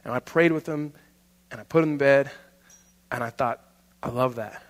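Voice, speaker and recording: A man's voice: mid-range voice, moderate pace. A man in his thirties, a pastor telling a family story in a conversational sermon, with frequent restarts. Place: church hall. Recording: long hall reverb.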